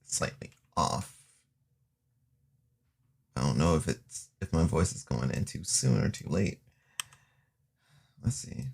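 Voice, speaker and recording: A man's voice: very deep voice, very animated, slow, gravelly, pauses often, loud music behind the voice. A man streaming live while recording a song, chatting casually in a rambling, self-deprecating way that often trails off mid-sentence.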